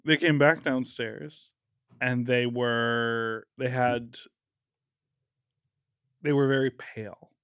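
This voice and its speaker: A man's voice: medium pitch, slow pace, long pauses, clear, resonant tone, no echo, studio quality. A young man from Chicago, co-hosting a casual chat and telling profane stories full of fillers. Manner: animated, profane storytelling with many fillers. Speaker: podcast co-host.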